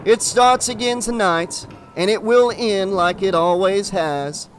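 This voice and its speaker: A man voicing a grim, weary male demon hunter with a cracked, rasping voice. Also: high voice, a little slow, soft background music, pitched above the performer's own voice, low-quality recording. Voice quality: raspy.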